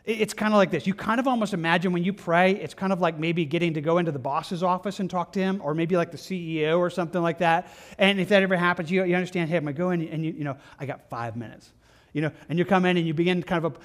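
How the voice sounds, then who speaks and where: A man preaching a conversational sermon as pastor, acting out hurried prayers with quick repeated phrases. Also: a little high, steady tone.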